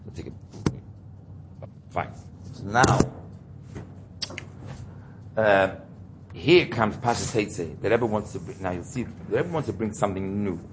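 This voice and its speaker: A man's voice: on the low side, animated, slow pace, pauses often, slight background noise. A man teaching an informal Torah class, explaining ideas while he thinks aloud and repeats key terms.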